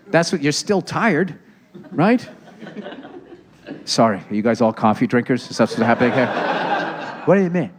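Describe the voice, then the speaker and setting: A male comedian on stage at a live taping, throwing out sarcastic, profane asides and needling the crowd. His voice sits high for a man. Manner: sarcastic, profane, riffing with the audience. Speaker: comedian host of a podcast. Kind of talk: live stand-up podcast taping with crowd work.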